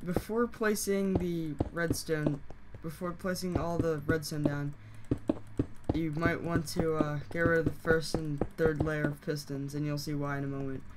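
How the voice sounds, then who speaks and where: A hoarse game tutorial host who is losing their voice, explaining steps casually with fillers and frequent self-corrections. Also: medium pitch, steady tone, unhurried, very noisy. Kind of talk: casual screen-recorded tutorial.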